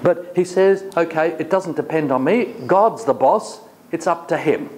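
An Australian man lectures a college class in a fairly high, slightly mellow voice, speaking a little slowly. He asks the students questions and paraphrases the text for them, with slight background noise behind him.

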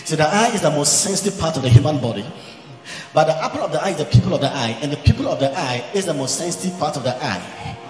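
A male pastor preaching a fiery sermon, quoting old-style scripture and at times shouting and speaking in tongues. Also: a little high, lively intonation, fast, faint music behind. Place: large church event hall. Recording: echoey hall recording.

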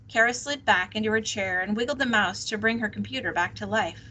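A woman teacher reading a novel aloud, steady and expressive. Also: medium pitch, a little fast, few pauses, slight background noise, poor audio.

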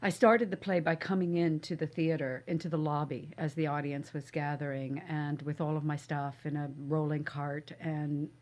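A woman's voice: low voice, level tone, moderate pace, darkish tone. A woman actress as a guest, telling anecdotes in an interview and laughing often. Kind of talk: storytelling interview.

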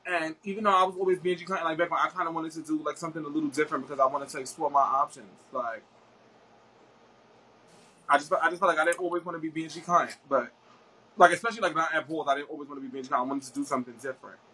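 A woman's voice: low-pitched, fairly even intonation, rapid-fire, sharp tone, breathy edge, low-quality recording. A young woman guest talking about her experiences in casual, slangy, profane chat, full of fillers.

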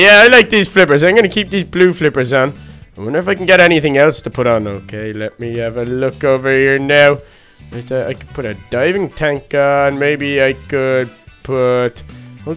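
A man's voice: on the high side, expressive, normal speed, fairly bright tone, smooth, soft background music. Baby Duck, as a man voices him. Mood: fussy. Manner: rambling self-talk full of "oh, gosh" exclamations. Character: childlike baby duck, chatty and easily flustered. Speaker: Minecraft role-play character. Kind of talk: game role-play narration.

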